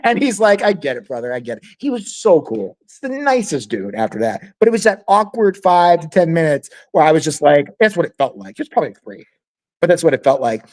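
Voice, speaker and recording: A man's voice: a little high, very animated, a little fast, darkish tone. A man co-hosting a podcast, telling a story in casual chat, laughing often and acting out what other people said. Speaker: podcast co-host.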